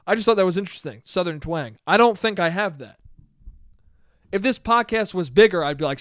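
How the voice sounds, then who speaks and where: A man's voice: high-pitched, lively intonation, moderate pace, fairly bright tone, no room sound, clean studio sound. A man from New York, hosting a solo podcast in a rambling, profane and self-mocking way. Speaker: podcast host. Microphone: podcast mic.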